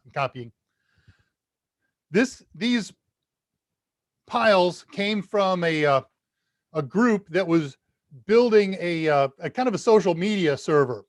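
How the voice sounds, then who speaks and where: A man's voice: a little high, no room sound, clean studio sound. A man hosting a live tech Q&A stream, chatting casually and rambling while he works at his computer, his level jumping as he leans toward and away from the mic. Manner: rambling, chatty, talks to chat while working. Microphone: desk mic at a computer, level jumps as he leans away.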